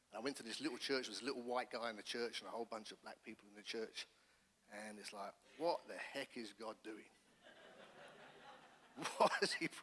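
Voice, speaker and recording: A middle-aged man, a pastor, giving his testimony in church with earnest, animated storytelling. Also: medium pitch. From England. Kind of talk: personal testimony sermon. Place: church hall. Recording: long church hall reverb.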